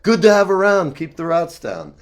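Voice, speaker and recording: Animated rambling storyteller man in his fifties. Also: a little high, moderate pace. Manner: rambling, animated, swears and laughs while telling stories. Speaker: talk show guest. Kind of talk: casual storytelling chat.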